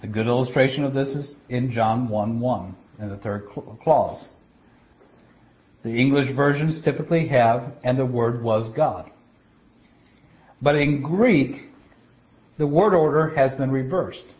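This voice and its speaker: A man preaching a Bible teaching, explaining scripture step by step in a deliberate way, often stopping to restart a word. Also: medium pitch, darkish tone. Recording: dull lo-fi recording.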